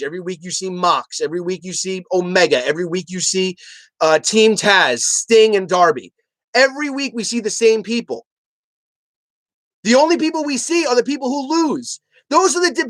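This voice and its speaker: Animated ranting live stream host. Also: medium pitch, dry recording. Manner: animated ranting, emphatic and repetitive; argues with chat, rising to near shouts.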